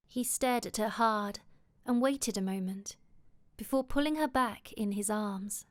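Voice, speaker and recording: A woman reading a romance novel aloud in a soft, intimate, often whispered way. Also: medium pitch, unhurried, no echo. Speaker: audiobook reader.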